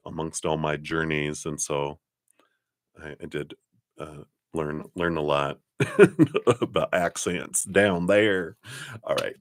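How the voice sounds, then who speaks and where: A man's voice: deep voice, no room sound, clean studio sound. A man giving tarot readings on a live stream, rambling with many fillers. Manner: rambling, warm spiritual talk with fillers and laughs. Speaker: tarot reader.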